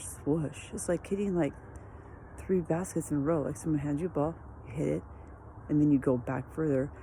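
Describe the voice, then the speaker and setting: A woman's voice: low-pitched, mellow, a little hiss or hum. A woman vlogging in a meandering, spiritual, musing way full of fillers, recorded on a phone. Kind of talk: rambling casual vlog.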